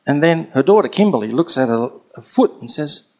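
A middle-aged man, telling a story in an animated way and acting out what others said. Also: on the high side, a little fast. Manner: animated, acts out quoted speech. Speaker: pilgrimage companion telling a story. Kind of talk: anecdotal storytelling.

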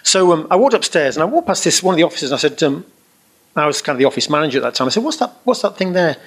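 A middle-aged man gives a personal testimony to a live audience, telling it as an animated, anecdotal story with chuckling asides and colourful everyday phrasing. His voice is fairly high and very fast.

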